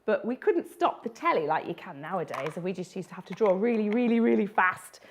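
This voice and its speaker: A woman's voice: mid-range voice, expressive, brisk, a little hiss or hum. A woman who illustrates children's books, giving a chatty, playful live drawing tutorial and laughing often.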